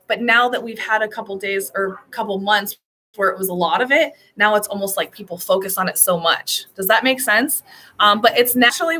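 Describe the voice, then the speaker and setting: A woman's voice: medium pitch, pushed and bright. A woman travel agent hosting a casual live stream from a beach resort, chatty and rambling, laughing often.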